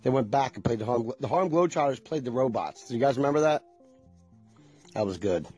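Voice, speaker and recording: A man's voice: medium pitch, expressive, fast talker, darkish tone, slightly rough, lo-fi sound, faint music behind. A man in his forties chatting casually to viewers, rambling and nostalgic and swearing freely.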